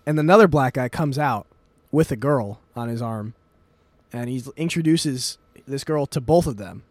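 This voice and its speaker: A man's voice: medium pitch, normal speed, no echo. A man hosting a podcast in casual chat, retelling things in a rambling way with many fillers and swearing. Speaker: podcast host.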